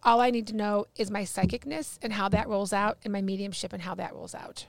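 A woman guest on a podcast, telling a personal story in a casual, animated way and acting out the dialogue. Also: medium pitch, brisk, gravelly, no echo. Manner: animated, acts out quoted dialogue. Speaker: guest medium.

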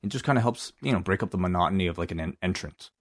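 Low-voiced hesitant male co-host. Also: lively intonation, racing. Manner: hesitant, many fillers and restarts. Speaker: wrestling podcast co-host. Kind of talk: casual chat.

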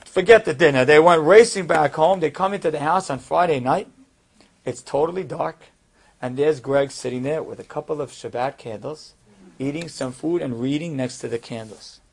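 A man telling a story aloud, acting out the voices of the people in it and rising high and loud at the dramatic moments. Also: moderate pace, creaky. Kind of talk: animated story with acted dialogue.

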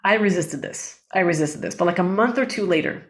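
A woman's voice: fairly low pitch, a little fast. Earnest woman telling a story. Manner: earnest, animated storytelling with acted-out quotes. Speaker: guest. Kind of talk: storytelling interview.

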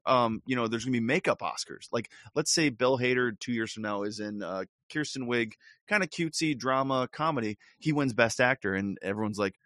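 A man's voice: medium pitch, a little fast, no echo, studio quality. A man co-hosting a podcast in casual chat, rambling and laughing often as he talks. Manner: rambling, laughs often, lively impressions of others. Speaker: podcast co-host.

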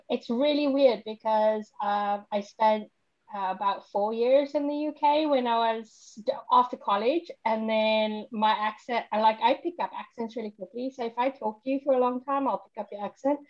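A woman's voice: a little high, steady tone, highs cut off. A woman from South Africa with a South African accent tinged British, a guest author talking in a bubbly way with many fillers. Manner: bubbly, fillers and quick laughs. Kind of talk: casual podcast interview.

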